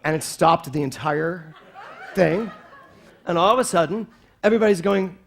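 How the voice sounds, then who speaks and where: Sixties guy preaching in church, kinda high voice, goes quiet then gets loud. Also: moderate pace, creaky, some chatter behind, slight background noise. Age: 60s. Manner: animated, swings from soft to loud exclamations. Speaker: minister. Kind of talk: sermon.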